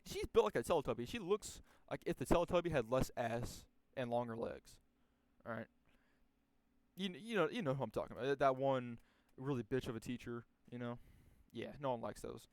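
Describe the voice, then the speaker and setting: Young male storyteller, laid-back and rambling, crude language, mid pitch, dry recording. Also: animated, normal speed, a little mellow, dry recording. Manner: rambling, profane, many restarts and fillers. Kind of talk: casual storytelling.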